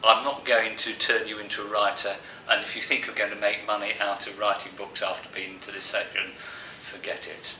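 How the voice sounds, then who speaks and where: A masterclass presenter gives a live talk to a room of analysts, jokey and conversational, asking the audience questions. His lowish voice is pushed and bright, with little pitch movement, a brisk pace and few pauses. He's recorded from far off in an echoey room with faint hiss.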